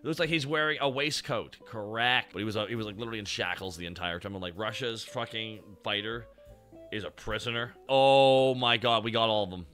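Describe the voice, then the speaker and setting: A man hosting a casual chat and reviewing robot designs, excitable and rambling, and swearing freely as he goes. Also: on the low side, fairly quick, soft background music. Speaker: show host.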